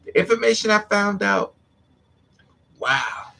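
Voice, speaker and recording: A man's voice: sits high, lively intonation, takes it slowly, gravelly, pushed and bright. A man vlogger intensely telling a painful personal story to his viewers, repeating himself as he vents. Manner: intense, repetitive, venting.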